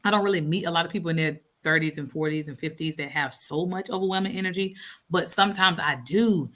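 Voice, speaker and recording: A woman's voice: on the low side, fast, fairly bright tone. A woman in her thirties hosting a casual live stream, reading out comments and acting out her own thoughts with lots of laughter.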